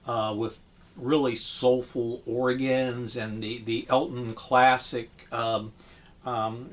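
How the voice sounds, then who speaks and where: A man giving a casual spoken review of a music album, hesitant, with frequent ums and restarts, relaxed and appreciative. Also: medium pitch.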